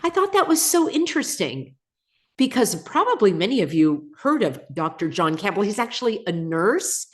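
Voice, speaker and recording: A woman's voice: mid-range voice, big pitch swings, normal speed. A woman hosting a live stream, chatting casually, laughing often and reading viewer comments aloud, slightly under the weather. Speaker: channel host.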